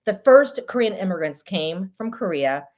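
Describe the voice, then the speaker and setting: A woman hosting a live stream show, telling stories in a chatty, animated way. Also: mid-range voice, moderate pace. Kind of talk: casual live-stream chat.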